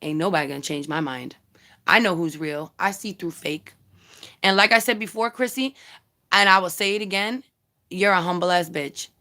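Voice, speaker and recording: Woman, vlogger, casual live-stream rant, bright sharp tone, blunt, profane, heated. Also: fairly low pitch, moderate pace. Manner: chats directly with viewers. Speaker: YouTube commentary vlogger.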